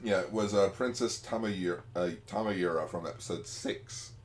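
A man's voice: sits low, moderate pace. A man co-hosting a podcast, chatting casually about a TV episode and jumping in with asides and jokes. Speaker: podcast co-host. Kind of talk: casual chat recapping a TV episode.

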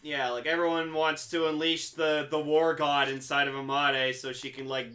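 A young man in casual podcast chat, rambling with lots of fillers and quick laughs. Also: on the high side, little pitch movement, pushed and bright.

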